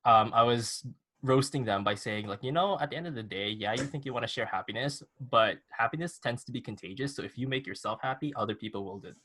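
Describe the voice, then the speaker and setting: A man's voice: mid-range voice, quick pace, a bit bright, slight background noise. A man co-hosting a casual podcast chat, laughing often and mimicking other people's voices in his quotes. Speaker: podcast co-host. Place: studio.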